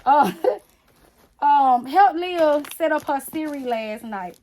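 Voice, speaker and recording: A woman's voice: high voice, animated, takes it slowly, darkish tone. A woman craft vlogger chatting casually to her viewers while she works, rambling and blunt with sassy asides. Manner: rambling, talks straight to viewers with frequent "y'all". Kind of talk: casual chat while working on a basket.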